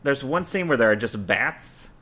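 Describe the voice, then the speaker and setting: A man's voice: mid-range voice, animated, moderate pace, crowd noise. A man hosting a podcast, chatting casually and telling stories with enthusiasm and laughter. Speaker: podcast host. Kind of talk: casual chat.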